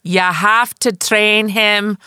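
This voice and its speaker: A woman's voice: medium pitch, steady tone, bright, forceful tone, smooth, no room sound, studio quality, pitched above the performer's own voice. Woman putting on a blunt Irish cabbie. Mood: firm. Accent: put-on Irish lilt. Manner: slow, firm, emphatic advice. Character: blunt no-nonsense woman cab driver.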